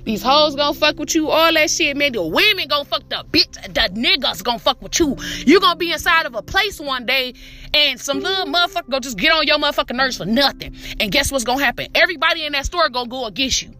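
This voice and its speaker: High, bright-voiced woman preaching profanely. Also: lively intonation, quick pace. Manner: profane, preachy, calls listener "my baby"; repetitive, emphatic street talk. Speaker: podcast host. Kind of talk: motivational monologue.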